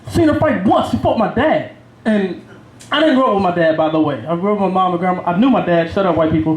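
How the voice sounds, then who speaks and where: A man with a high voice works through a stand-up set in a small cafe, swearing casually and chuckling into his own stories. The room echoes around him and a faint murmur of the crowd sits underneath. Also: a little hiss or hum. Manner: profane, breezy storytelling with laughing asides. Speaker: stand-up comedian. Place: small cafe at an open mic.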